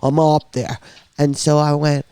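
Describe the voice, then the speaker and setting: A middle-aged woman telling her own story in a casual interview, animated, blunt and candid. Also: low-pitched, unhurried, smooth, no room sound. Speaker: podcast guest sharing her diagnosis story.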